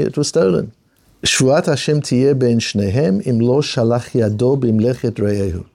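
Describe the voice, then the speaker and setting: A man leads a Talmud class, walking through the text by acting out everyday disputes between people. His voice is gravelly and mellow, and he often stops and restarts his phrases as he explains. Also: a little high. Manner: explains with everyday examples and acted-out dialogue, frequent restarts. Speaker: Talmud teacher.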